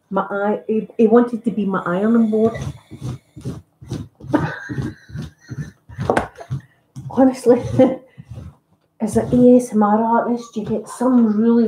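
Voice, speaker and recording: Ironing at home during a live stream, a woman from Scotland with a mid-range voice and a Scottish accent talks casually in a rambling, self-deprecating manner. She is an ASMR YouTuber, and the recording has an echoey room and a noisy background.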